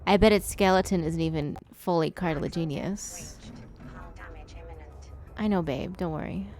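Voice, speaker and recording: A woman's voice: lowish voice, moderate pace, a little mellow, soft background music. Woman streamer chatting away to her viewers while she plays, goofy and playful. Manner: chatty, playful, talks to chat and the game. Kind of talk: casual gameplay streaming.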